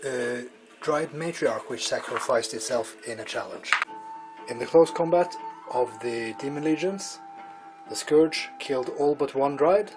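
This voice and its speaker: A man's voice: mid-range voice, measured pace, rough recording. A man hosting a tabletop wargame battle report, recapping each turn and questioning his co-player. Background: music.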